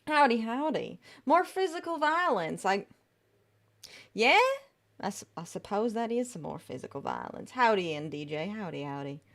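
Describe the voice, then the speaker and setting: A woman voicing a sweet, motherly Southern woman with a put-on Southern US accent and folksy, drawn-out greetings during a live game stream. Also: medium pitch, big pitch swings, gravelly, fairly bright tone. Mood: genteel.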